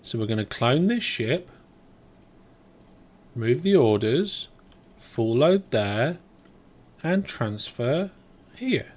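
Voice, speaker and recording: A man talks his way through a live game stream in a mid-pitched voice. He thinks aloud as he plays and answers his viewers in a chatty, easygoing way. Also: sing-song, extremely slow, long pauses, a little mellow. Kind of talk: live let's play commentary.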